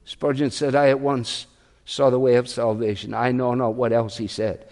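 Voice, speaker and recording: A pastor telling a story in his sermon, acting out the quotes and building to shouted climaxes. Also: mid-range voice, flat delivery, normal speed, long reverb tail.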